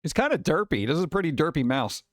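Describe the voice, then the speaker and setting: A man hosting a live stream, talking casually and chattily with relaxed asides. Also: fairly high pitch, fast, no room sound, studio quality. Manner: laid-back, chatty, trailing off into asides. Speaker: streamer host.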